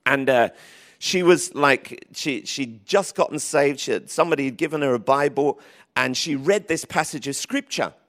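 A man preaching a sermon in church, lively and emphatic, with frequent restarts. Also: mid-range voice, normal speed. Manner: lively, rising to emphatic calls, with many restarts. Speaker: pastor.

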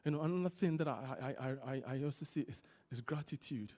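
A man preaching a sermon, repeating key words for emphasis and telling stories in an animated way. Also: a little high, fast talker. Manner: animated storytelling.

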